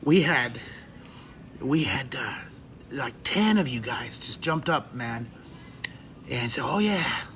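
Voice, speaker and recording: A man's voice: mid-range voice, animated, slow, long pauses, fairly bright tone, slight background noise. A man in his fifties teaching drawing on a live webcast, rambling into emotional stories between drawing steps. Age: 50s.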